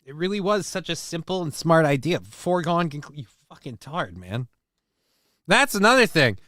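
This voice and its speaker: A man's voice: fairly high pitch, expressive, brisk, no echo, studio quality. A man hosting a casual livestream, rambling, swearing freely and poking fun at himself while reading chat. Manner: rambling, profane, self-mocking. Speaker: livestream host.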